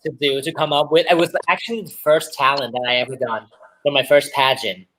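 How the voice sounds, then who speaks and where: A drag performer in casual chat, telling a pageant story and acting out other people's words loudly. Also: female voice, rumbling low, fairly quick, poor audio. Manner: animated storyteller, acts out quotes loudly. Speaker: drag pageant queen guest.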